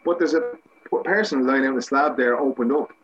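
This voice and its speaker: A man's voice: medium pitch, a little fast, dull audio. An Irish man, a guest actor, telling rambling, self-mocking anecdotes with many restarts in a casual interview.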